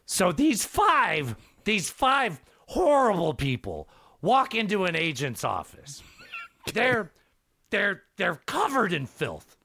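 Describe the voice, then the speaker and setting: A man putting on a raspy, gravelly comedian voice to tell a long, filthy joke with dramatic, halting repetitions. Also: sits high, wildly swooping pitch, pushed and bright, dry recording, pitched above the performer's own voice, heavily acted. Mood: gleeful storytelling. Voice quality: gravelly at times. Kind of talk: impression while telling a joke.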